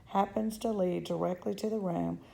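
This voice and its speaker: A woman's voice: medium pitch, fairly even intonation, normal speed, creaky, dark tone. Willy Wonka, as a woman reads him breezy and theatrical. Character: eccentric cheerful male chocolatier, unflappable.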